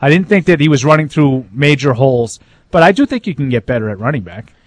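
A man's voice: medium pitch, expressive, fast talker, no echo. A man giving blunt football opinions on a postgame radio show in a studio. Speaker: football analyst.

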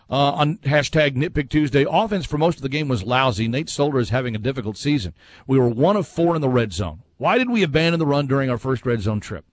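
A man's voice: mid-range voice, no echo. A man hosting a casual sports talk show, reading out listener messages and giving his own opinions. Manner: conversational, reads listener messages aloud and reacts with opinions.

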